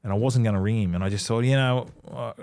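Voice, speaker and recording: A middle-aged Australian man who used to play rugby league is a podcast guest, telling stories in a casual chat. He talks fast in a lowish, darkish voice, swears freely, and acts out other people's lines.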